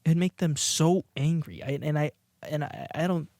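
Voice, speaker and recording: A man's voice: fairly high pitch, steady tone, normal speed, darkish tone, dry recording, clean studio sound. Laughing, rambling man in casual chat. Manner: rambling, laughing, many restarts. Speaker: podcast co-host. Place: indoors, watching a video while recording.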